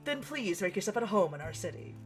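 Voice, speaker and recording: A woman voicing a charming tall male elf demigod who calmly insists on his kindness. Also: mid-range voice, brisk, soft background music, close to an everyday voice.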